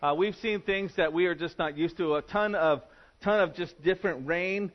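A man with a high voice preaches from the pulpit. He talks conversationally, full of fillers and restarts. The recording sounds dull and lo-fi. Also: normal speed. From California. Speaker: pastor. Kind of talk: sermon.

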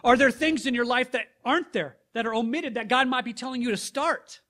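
A man preaching a sermon, reading scripture aloud and then pressing the listeners with rhetorical questions, rising loud and dropping soft. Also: very high-pitched, a little fast. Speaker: pastor.

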